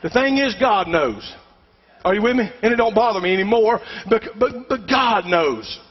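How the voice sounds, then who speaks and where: A middle-aged male pastor preaches with emphatic fervor, urging his congregation to answer back. His voice sits very high for a man. The dull, muffled recording carries a long hall reverb from the church sanctuary. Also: expressive, moderate pace, slightly rough. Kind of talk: sermon.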